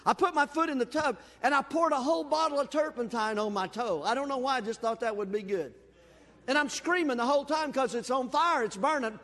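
A man preaches in a church sanctuary, his voice sitting very high for a man. He tells folksy, self-deprecating stories before turning to scripture. The sound trails off in a long hall reverb. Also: brisk, fairly bright tone. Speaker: pastor. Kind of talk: sermon with personal story.

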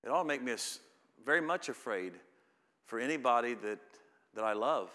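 A middle-aged man preaching a sermon, reading scripture slowly and building to loud, emphatic peaks. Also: mid-range voice, animated. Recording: long reverb of a hall.

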